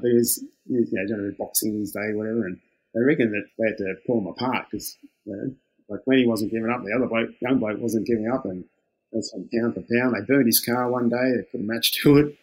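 A man's voice: mid-range voice, slightly rough. An older Australian man, a former lifeguard, telling stories in a laid-back way, acting out the quoted exchanges and chuckling often. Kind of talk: casual storytelling.

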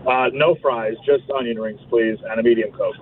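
A man phoning in from a drive-thru, his voice thin and tinny through the phone line with a faint hiss behind it. He talks in a dry, halting way, repeating words as he goes. His pitch is ordinary and middle-range. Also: fairly even intonation. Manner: dry, slightly hesitant, stumbles over words. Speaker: radio co-host calling in from a drive-thru. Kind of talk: casual on-air banter.

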